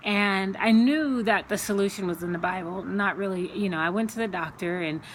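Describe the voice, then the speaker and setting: A woman's voice: medium pitch, normal speed, slight background noise. A woman sharing a personal faith testimony at home, in an earnest, conversational way with many fillers and repeated words. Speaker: Christian speaker sharing her testimony.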